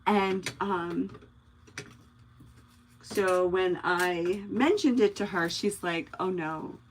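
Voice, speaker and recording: Slow, chatty middle-aged woman crafting live. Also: lowish voice, slight background noise, rough recording. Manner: chatty, rambling storyteller, talks to viewers by name. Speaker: craft livestream host. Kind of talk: casual chat while crafting live.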